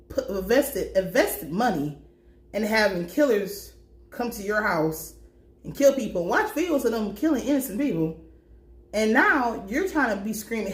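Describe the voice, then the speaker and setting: Woman, casual TV recap, blunt and profane, lively swooping pitch, roomy echo. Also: moderate pace. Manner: blunt, profane, animated storytelling. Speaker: TV recap commentator.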